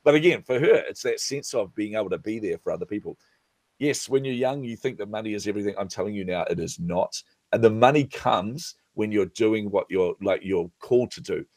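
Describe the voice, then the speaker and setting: A lowish, fairly quick male voice with no room sound belongs to a middle-aged business coach. As a podcast guest in a casual interview, he tells stories animatedly and performs the dialogue in them.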